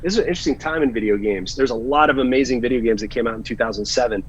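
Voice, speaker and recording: A man's voice: mid-range voice, rapid-fire, a little hiss or hum. An American actor, a man, recounting his career in a casual interview, acting out the lines people said to him. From United States. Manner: animated storyteller, acts out quoted lines. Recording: dull, slightly lo-fi sound.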